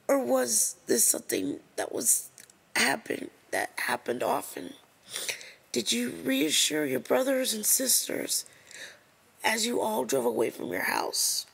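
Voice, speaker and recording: A woman reading an open letter aloud to the camera while crying, halting and breaking off to apologize. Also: on the high side, gravelly, breathy edge, rough recording. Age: adult over 20. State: crying, tearful. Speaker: vlogger.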